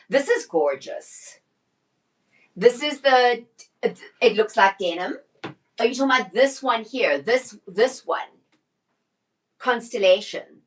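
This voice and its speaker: On a rough recording, a middle-aged woman with a slightly high voice chats casually during a live shopping stream. She's a personal stylist answering questions from viewers, and she keeps restarting her sentences.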